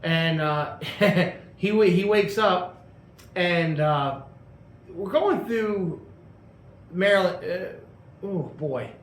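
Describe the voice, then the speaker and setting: A man's voice: sits high, drawn-out words, long pauses. Rambling storyteller man in an echoey room. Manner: rambling, lots of fillers and restarts. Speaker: host telling a car story. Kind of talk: casual storytelling. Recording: echoey room with faint ambience.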